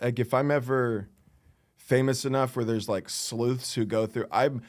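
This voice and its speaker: A man in his thirties, a comedian co-hosting a podcast, rambling through stories in casual chat with lots of restarts and quick laughs. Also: mid-range voice, steady tone, darkish tone. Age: 30s. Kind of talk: casual chat, comic storytelling.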